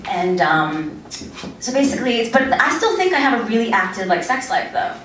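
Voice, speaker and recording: Recorded from a distance in an echoey small club, a comedian in her thirties works through a crude, rambling set while audience chatter and laughter fill the background. Her fairly high voice swings widely in pitch at a fairly quick pace, and she laughs at her own jokes.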